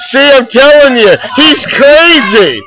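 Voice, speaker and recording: A high-pitched man talks in an unhurried drawl as he films outside on a flooded boardwalk. His live commentary is full of exclamations and repeated phrases. The sound comes from a laptop's built-in mic held in his hands. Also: animated, low-quality recording. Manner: exclaiming, laughing, repeating himself. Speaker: street vlogger filming live. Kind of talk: excited live street commentary. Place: outdoors on a flooded beach boardwalk. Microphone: laptop built-in microphone, handheld.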